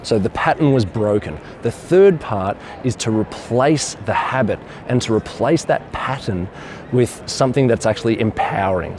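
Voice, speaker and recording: A man's voice: on the low side, background noise. A man vlogging outdoors and telling a story in an enthusiastic, rambling way. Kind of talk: casual storytelling to camera.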